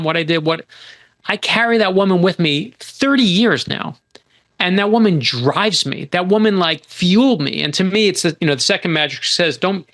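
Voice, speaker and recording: A man in his forties, a guest author, telling stories in an animated, emphatic way in casual podcast talk. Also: high-pitched.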